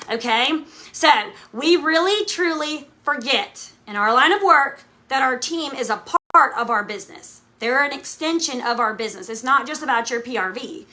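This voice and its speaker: A woman talks straight into the camera as a direct sales leader, coaching her team. Her voice sits high and sounds bright and sharp. She is emphatic and keeps checking in with "okay?" after each point. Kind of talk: motivational talk to camera. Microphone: camera mic, speaking to camera.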